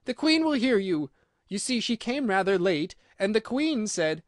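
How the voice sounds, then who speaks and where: A man voicing a timid, anxious white rabbit who speaks in a hushed, hurried way. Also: very high voice, animated, no room sound, clean studio sound, voice pushed up, heavily acted.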